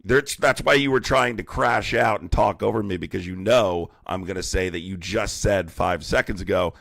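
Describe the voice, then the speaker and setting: Gravelly, mocking male streamer. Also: low voice, moderate pace, few pauses, a bit bright, no room sound, studio quality. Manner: mocking, profane, combative. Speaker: livestream debate host. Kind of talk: heated live-streamed debate.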